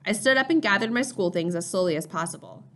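A woman reads a first-person novel aloud as an audiobook. Her narration is steady and measured. The pacing is unhurried. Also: medium pitch. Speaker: audiobook reader.

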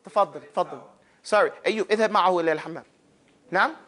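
Man, high voice, classroom teacher, lively questions, slangy asides. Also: quick pace. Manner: lively, calls on students, asks and answers his own questions; casual street slang asides. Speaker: Arabic teacher. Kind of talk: classroom lesson.

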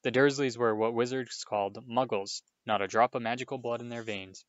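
A man reading a chapter book aloud to a listener, relaxed with informal asides. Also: mid-range voice, brisk, dry recording, dull audio. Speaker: reader.

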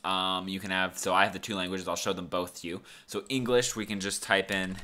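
A man hosting a casual screen-recorded software tutorial, talking in a laid-back, rambling way with lots of fillers. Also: sits low, flat delivery, a little fast, few pauses, a little hiss or hum. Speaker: tutorial host.

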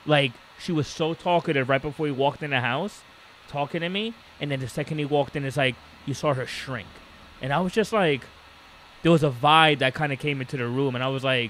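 A man's voice: medium pitch, fairly quick, slight background noise. A man co-hosting a podcast, casually telling a story and acting out the voices of the people in it. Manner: animated storyteller, acts out quoted voices. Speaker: podcast co-host.

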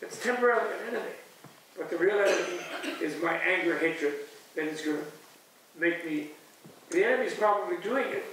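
A man with a high-pitched voice gives a spiritual teacher's closing talk at a retreat, speaking briskly and pausing often. His discursive lecture is animated and digressive, full of chuckles and acted-out voices of other people. The recording is echoey and distant, made in a large hall at a retreat center, with a faint hiss.

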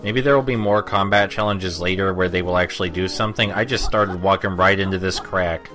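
Young male let's-play narrator, low voice, dry sarcastic rambling, soft game music underneath. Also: steady tone, fairly quick. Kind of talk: gameplay commentary.

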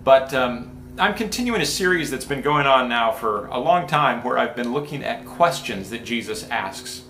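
Man, pastor, casual sermon, mid-pitched voice, echoey sanctuary, faint room hum. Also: expressive, normal speed, a bit bright. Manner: casual and talky, with many restarts and asides. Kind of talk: conversational sermon. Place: church sanctuary.

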